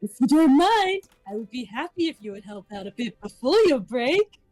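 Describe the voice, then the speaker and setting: A courteous, motherly older servant speaks gently, as a woman reads her part. Her voice rises and falls in a lively lilt. The recording is close and dry. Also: high-pitched, moderate pace, dry recording, soft background music, rough recording. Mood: polite.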